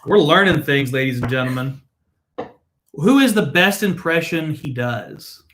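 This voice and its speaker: A man's voice: a little high, expressive, measured pace, fairly bright tone, slight background noise. A man hosting a casual drink-tasting chat, joking and swearing freely. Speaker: host.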